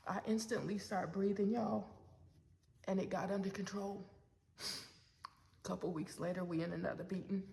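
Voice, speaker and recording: A woman with a strongly gravelly, crackling voice tells a heartfelt personal story to camera. She speaks at an average pitch and keeps addressing her listeners directly as she goes. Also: steady tone, normal speed, pauses often, warm tone. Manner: heartfelt, talks straight to viewers as "y'all". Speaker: work supervisor sharing a personal story.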